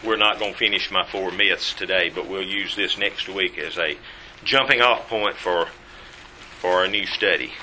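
Male Bible teacher, folksy and rambling, bright sharp voice. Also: sits low, moderate pace, slight background noise, poor audio.

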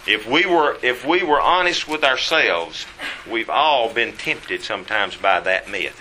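A man's voice: medium pitch, expressive, unhurried, pushed and bright, slight background noise, low-quality recording. A man teaching a Bible class in a folksy, rambling way.

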